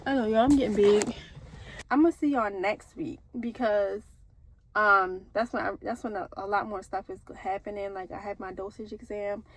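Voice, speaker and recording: A woman's voice: medium pitch, steady tone, normal speed, a bit bright, rough recording. A young woman nursing student, rambling casually to camera with lots of fillers and restarts. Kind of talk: casual vlog talk.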